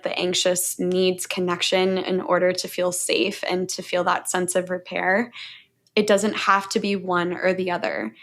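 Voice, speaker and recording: A woman guest on a podcast, talking candidly and animatedly, swearing freely and laughing as she tells stories about relationships. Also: on the low side. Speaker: podcast guest, breathwork mentor. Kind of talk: casual podcast conversation.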